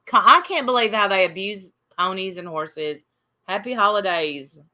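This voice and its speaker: A woman's voice: medium pitch, expressive, a little slow, bright, forceful tone. A woman from Appalachia, hosting a casual livestream and sparring with commenters in her chat. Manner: combative, reading and answering chat comments. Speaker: livestream host.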